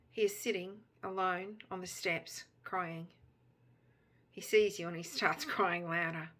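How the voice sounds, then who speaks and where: A woman narrates a Bible story in the second person, drawing the listener into the scene. Her voice is bright and clear. The delivery is intimate and immersive. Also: mid-range voice. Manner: intimate, immersive, turns softer in quiet moments.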